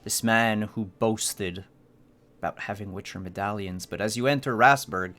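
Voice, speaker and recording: Low-voiced man narrating as game master. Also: a bit bright, faint music behind. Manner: measured, descriptive narration with fillers.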